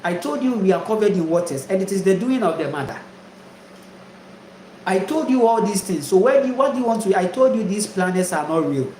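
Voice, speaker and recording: A man's voice: sits high, animated, a little fast, darkish tone, roomy sound, a little hiss or hum, low-quality recording. A man from Ghana preaching a spiritual monologue, emphatic and repetitive, full of rhetorical questions. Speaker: spiritual teacher.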